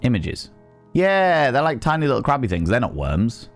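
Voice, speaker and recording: A man's voice: mid-range voice, very animated, moderate pace, soft background music. A man chatting casually with his viewers on a live stream, greeting them by name and rambling playfully between topics.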